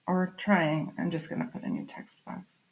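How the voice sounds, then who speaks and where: A woman's voice: fairly low pitch, fairly even intonation, normal speed, creaky. A middle-aged woman teacher giving a recorded online literature lesson, explaining in a chatty way and often checking in with "right?". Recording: slightly dull lo-fi audio.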